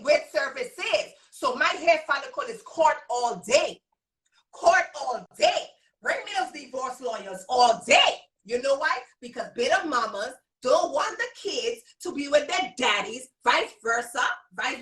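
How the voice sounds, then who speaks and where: A woman's voice: high-pitched, a bit bright, low-quality recording. A woman business trainer hosting a live coaching talk with a Virgin Islands accent, repeating her points emphatically and calling her listeners y'all. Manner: emphatic and repetitive, drilling points home; folksy, addresses listeners as y'all.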